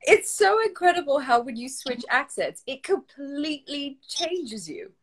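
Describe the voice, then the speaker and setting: A woman's voice: high voice, big pitch swings, a little slow, a little hiss or hum. A woman hosting a casual interview chat, enthusiastic and gushing, laughing often between questions. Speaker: host.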